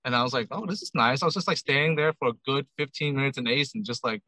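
A man's voice: mid-range voice, rapid-fire, no room sound, poor audio. A man, a ramen shop owner, telling a story in a casual interview and acting out quoted dialogue. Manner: chatty, animated retelling with many "I'm like" quotes.

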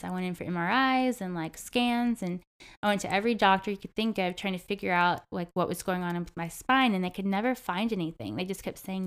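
A young adult woman, appearing as an interview guest, tells a host a personal story in a smooth, medium-pitched voice, speaking fairly quickly. She's chatty and says "like" constantly.

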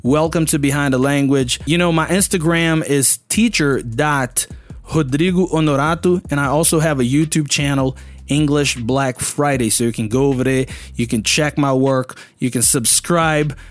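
A man's voice: fairly high pitch, normal speed, no echo, faint music behind. A man hosting an English-lesson podcast, talking in a chatty, upbeat way and often dropping in "you know" as he explains. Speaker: English teacher and podcast host.

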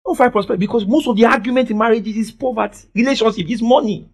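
A pastor preaches a sermon in a very high-pitched, rapid-fire voice, calling for responses from the congregation. He swings between soft asides and loud declarations.

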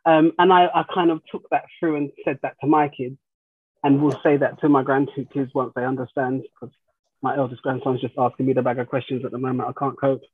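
A woman's voice: a bass voice, flat delivery, brisk, husky, no echo. A middle-aged grandmother and life coach chatting casually, telling family stories and laughing easily while mimicking relatives' voices. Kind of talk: casual podcast chat. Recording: tinny phone-like line.

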